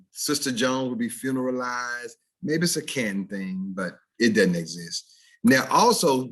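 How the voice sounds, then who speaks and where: A man's voice: mid-range voice, breathy edge. A man teaching standard American diction over a video call, playfully acting out the spoken errors he corrects. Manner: animated, mock-playful examples of spoken errors. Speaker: diction instructor.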